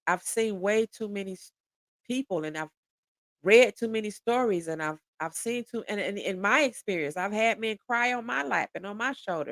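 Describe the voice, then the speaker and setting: A woman's voice: medium pitch, a bit bright, dry recording, studio quality. A woman in her forties giving a candid podcast monologue, blunt and profane, often restarting and repeating words as she presses her point. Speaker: podcast speaker.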